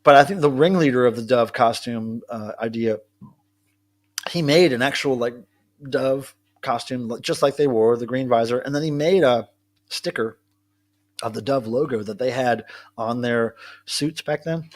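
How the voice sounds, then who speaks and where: A man's voice: medium pitch, normal speed. Chatty man hosting a casual home livestream. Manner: chatty and rambling, answering viewers' comments. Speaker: livestream host. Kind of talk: casual live-stream chat. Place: at home with his cats.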